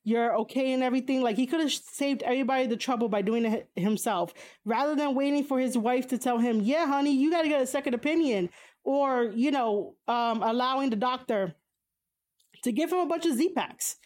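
A streamer with a slightly high, somewhat mellow voice reads viewers' chat comments aloud at a moderate pace and fires back in a casual, opinionated rant. She swears bluntly, leans on fillers, laughs often and jumps to high exclamations when surprised.

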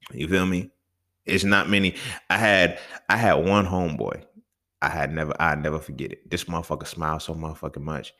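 Deep-voiced man ranting on a podcast. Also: bright, forceful tone. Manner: profane, heated, conversational, keeps asking "you feel me". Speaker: podcast host. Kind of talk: casual solo podcast monologue.

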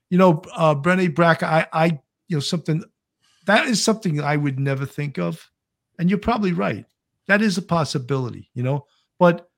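Chatty New man on a live stream. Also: fairly high pitch. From Brooklyn, New York. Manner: chatty, reads viewer comments aloud. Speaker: co-host. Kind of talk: casual live-stream chat.

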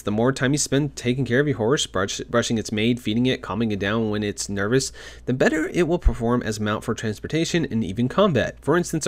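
Male gaming commentator, mid-range voice, excitable and gushing, quick with restarts. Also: medium pitch. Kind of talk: reading a game article aloud with commentary.

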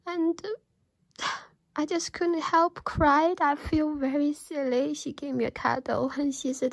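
A woman's voice: sits high, little pitch movement, a little slow, vocal fry, dry recording, rough recording. A woman giving an emotional religious testimony and prayer, tearful and pleading, often dropping to a whisper. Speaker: Christian believer giving testimony.

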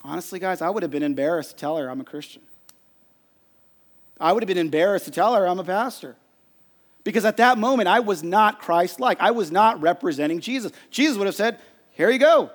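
Man, pastor, high voice, self-mocking storytelling sermon, long echo of a big hall. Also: fairly quick. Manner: self-deprecating, animated anecdote. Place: church stage.

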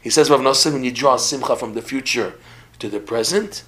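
A man of middle pitch teaching in a relaxed podcast conversation. He tells stories with lively energy, doubling back on words as he goes and laughing now and then. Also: fairly quick. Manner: animated, repeats words, laughs while telling stories. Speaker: religious teacher.

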